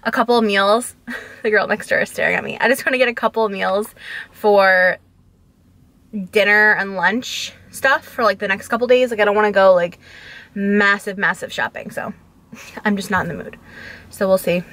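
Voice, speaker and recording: A woman's voice: medium pitch, moderate pace, fairly bright tone, no room sound. A young woman vlogging casually to camera from her car and home, talking in a chatty way full of "like" fillers. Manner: chatty, filler-heavy, many "like"s. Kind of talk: casual vlog chat to camera. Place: inside a car, then at home.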